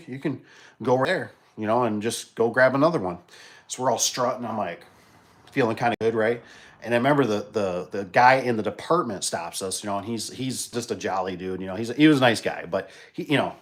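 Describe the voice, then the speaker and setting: Garage door guy rambling thru a work story on a live stream, lots of restarts. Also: medium pitch. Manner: rambling, animated retelling with many restarts. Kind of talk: casual livestream storytelling.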